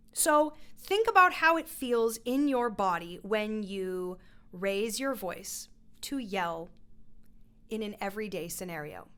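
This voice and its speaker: A woman's voice: medium pitch, fairly bright tone, clear, resonant tone. A woman vocal coach teaching a voice lesson in a playful, encouraging way. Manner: instructive.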